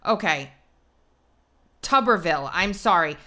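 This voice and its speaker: A woman co-hosting a podcast in casual chat, animated, laughing often and swearing casually. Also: lowish voice, measured pace. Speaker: podcast co-host.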